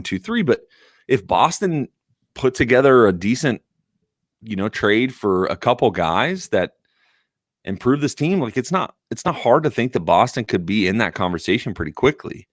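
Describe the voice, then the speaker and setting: Male co-host, lowish voice with lively swings, dry studio sound, casual chat. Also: moderate pace, no echo. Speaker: podcast co-host.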